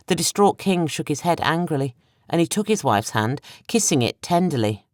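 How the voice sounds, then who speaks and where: A woman reading an audiobook in a measured, even storytelling voice. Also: sits low, no room sound, clean studio sound. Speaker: audiobook narrator. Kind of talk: scripted narration.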